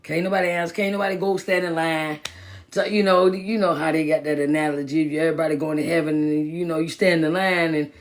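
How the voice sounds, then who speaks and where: A woman's voice: sits low, steady tone, quick pace. A woman who is a motivational speaker and minister, talking casually on a phone live stream, repeating herself for emphasis and greeting viewers by name. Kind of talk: live-stream pep talk.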